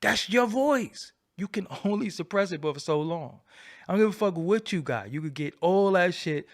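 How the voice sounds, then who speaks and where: A man hosting a livestream, ranting in a profane, animated, preaching way and repeating his phrases, swinging from low mutters to loud outbursts. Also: moderate pace. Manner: swoops between low mutter and loud high bursts. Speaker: livestream host. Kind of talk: unscripted livestream rant.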